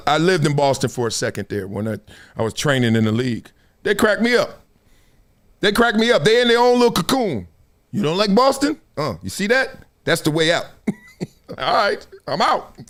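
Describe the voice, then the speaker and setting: Animated male live-stream host, lively pitch. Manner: animated, laughing, mocking impressions. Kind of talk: casual live-stream commentary.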